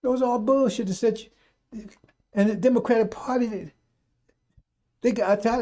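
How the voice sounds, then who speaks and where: Man, radio preacher, high voice, dark mellow tone, rambling and scolding. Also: lively intonation, a little fast. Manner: folksy, rambling, scolding, with mocking put-on quotes. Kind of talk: unscripted radio talk.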